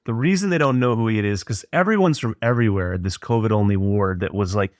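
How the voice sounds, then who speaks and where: A man's voice: fairly low pitch, quick pace, no echo, studio quality. A middle-aged man, a podcast guest, earnestly and reflectively retelling a personal story in conversation.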